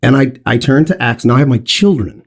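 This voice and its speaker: A man in his forties telling a lively anecdote on a podcast, swearing freely and acting out what other people said. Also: mid-range voice, a little fast, vocal fry, slightly rough. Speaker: podcast co-host telling a story.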